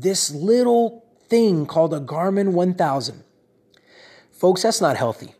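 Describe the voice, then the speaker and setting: Speaking in a somewhat high, husky voice at an unhurried pace, a man shares a personal story with his audience that builds toward a lesson. He's animated and rambling, repeats himself, and keeps asking "right?" and "you know?"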